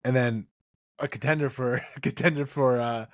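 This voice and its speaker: A man's voice: medium pitch, fairly even intonation, moderate pace, no room sound, clean studio sound. A man co-hosting a podcast, recapping a comedy film in casual chat and laughing often. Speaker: podcast co-host.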